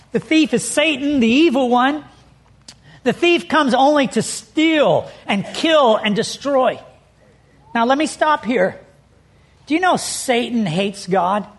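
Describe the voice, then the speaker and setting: A middle-aged man preaching a sermon as pastor, telling stories with animation and leaning hard on key words. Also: very high-pitched.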